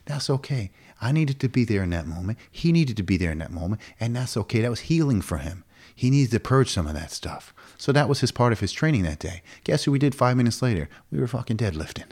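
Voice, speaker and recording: A man's voice: sing-song, darkish tone. A man in his forties, a fitness coach, talking casually and emphatically in an interview, often repeating himself. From United States. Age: 40s. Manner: emphatic, repetitive, quick swings up to a high pitch.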